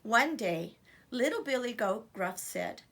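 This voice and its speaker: A woman teacher reading a storybook aloud to children in an expressive, animated way. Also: fairly high pitch, slow pace, creaky.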